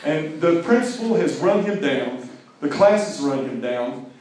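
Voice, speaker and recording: Animated man preaching in an echoey hall. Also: on the high side, measured pace, distant mic, slight background noise. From Mississippi, US. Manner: animated, jokey, acts out movie scenes and sings snatches. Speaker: speaker to a teen group. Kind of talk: lively sermon talk.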